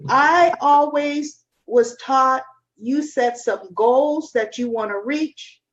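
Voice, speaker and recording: A woman's voice: sits high, slow. Woman in her fifties on dull audio. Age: 50s. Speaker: co-host. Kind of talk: interview chat.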